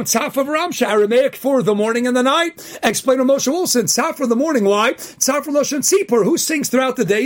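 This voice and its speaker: A rabbi delivers a fiery Torah sermon, frequently shouting and throwing out rhetorical questions while weaving Hebrew and Yiddish words into his English. His voice is very high.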